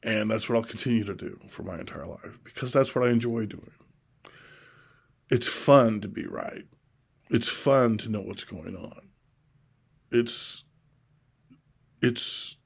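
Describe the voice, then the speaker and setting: A middle-aged man from Oregon giving a slow, deliberate, repetitive solo monologue about his political views. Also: medium pitch, creaky, breathy edge. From Oregon, USA. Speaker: self-styled presidential candidate.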